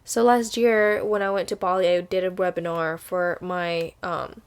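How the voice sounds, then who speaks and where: A woman's voice: lowish voice, fairly even intonation, normal speed, smooth. A woman in her twenties talking straight to camera in a chatty, upbeat vlog, often restarting her sentences. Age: 20s. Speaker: vlogger. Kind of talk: casual vlog monologue.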